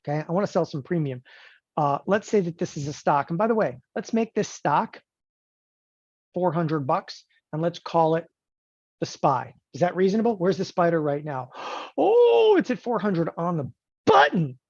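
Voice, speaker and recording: A man teaching options trading in an animated lecture, emphatic and joking, often checking in with the listener. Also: on the high side, normal speed, no echo. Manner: emphatic, joking, keeps asking "okay?". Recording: dull lo-fi dry recording.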